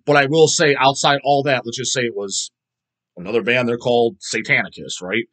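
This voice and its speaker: A man with a husky, somewhat breathy voice at an ordinary pitch rants casually about music on his own show. He talks bluntly, swears constantly and rambles through restarts and asides. He is recorded on a phone. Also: steady tone, brisk, fairly bright tone. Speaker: host answering viewer questions. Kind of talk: casual profane rant.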